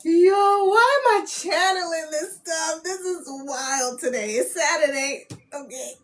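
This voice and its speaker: A woman reading spiritual messages on a live stream, loud and playful, laughing often as she teases her viewers. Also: very high-pitched, slow pace. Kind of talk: casual live-stream chat.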